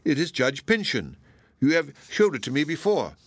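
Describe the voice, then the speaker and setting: A gentle young woman, voiced by a man reading an audiobook, speaks in a raised, trembling voice. She pleads with fear in a dry, close recording. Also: on the high side, big pitch swings, normal speed, dry recording, voice pushed up. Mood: shocked.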